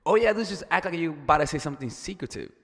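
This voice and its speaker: A man's voice: fairly high pitch, lively intonation, rapid-fire, vocal fry, fairly bright tone, big-room sound. A man giving casual dating advice as a coach, chatty and profane, repeating words and joking as he goes.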